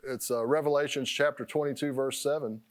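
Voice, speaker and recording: A man's voice: medium pitch, fairly even intonation, a little fast. A man preaching a sermon as pastor, rambling and repeating words, often stopping to laugh at himself.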